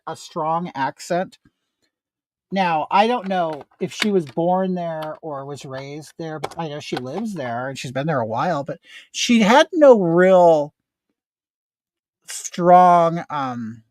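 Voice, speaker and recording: A man's voice: a little high, no echo. A man in his fifties hosting a casual makeup livestream from home, chatting in a rambling way and answering viewer comments. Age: 50s.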